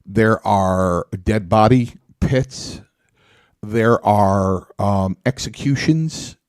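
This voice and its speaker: A man's voice: on the low side, drawn-out words, darkish tone, smooth, no room sound. Guy rambling on a chat show, lots of ums and restarts, dry close sound. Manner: rambling, many restarts and fillers. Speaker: podcast host. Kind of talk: casual chat.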